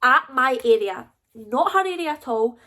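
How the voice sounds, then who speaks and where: Young Scottish woman, vlogger, chatty storytelling read with a fairly high voice. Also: normal speed. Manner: chatty, lively, confiding. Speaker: YouTuber. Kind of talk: casual storytime vlog.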